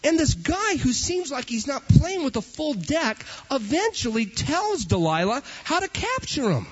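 A man's voice: extremely high pitch, sing-song, a little slow. A man preaching a sermon emphatically, driving his points home through repetition. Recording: dull lo-fi recording.

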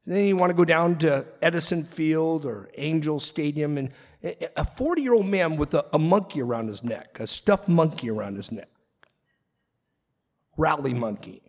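Animated pastor preaching in an echoing hall. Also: male voice, on the high side. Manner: animated preaching with quick asides and acted-out quotes. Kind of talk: sermon. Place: church sanctuary. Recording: long reverb of a large hall.

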